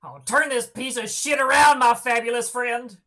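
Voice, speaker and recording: A woman's voice: a little high, fairly even intonation, normal speed, bright, forceful tone. A woman reading a part brashly in a comedy podcast script reading. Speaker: podcast co-host.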